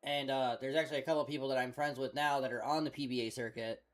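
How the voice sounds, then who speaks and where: A man's voice: medium pitch, fairly even intonation, fast talker, poor audio. A man streaming a game on a headset mic, telling rambling stories in casual chat, swearing freely. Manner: rambling profane storytelling. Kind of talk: casual chat while gaming.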